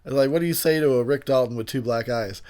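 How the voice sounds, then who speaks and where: A tipsy man talks over a movie in a loose, rambling way. He swears freely, laughs a lot and stops mid-sentence when names slip his mind. His voice sits at an ordinary middle pitch. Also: fast talker, darkish tone. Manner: rambling, profane, laughs often, loses track of names. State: intoxicated. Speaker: film commentator. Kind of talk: casual movie commentary.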